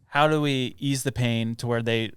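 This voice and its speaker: A man co-hosting a casual podcast, with a smooth, resonant voice and a playful, rambling way of talking. He sounds close and dry on a studio mic. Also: mid-range voice, fairly even intonation, normal speed, a bit bright, no room sound. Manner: playful, jumps between jokes and musings. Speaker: podcast co-host. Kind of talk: casual chat.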